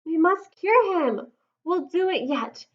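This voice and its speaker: A woman voicing a sensible mother bear who gives brisk rhyming instructions in a storybook read-aloud. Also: very high voice, expressive, dull audio, voice pushed up, full character voice.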